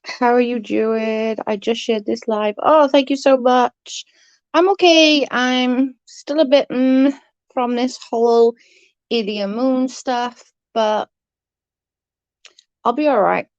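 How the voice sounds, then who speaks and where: A woman's voice: a little high, fairly even intonation, slow pace, clean tone, dry recording, lo-fi sound. A woman streaming live, chatting casually and rambling with her viewers, swearing now and then.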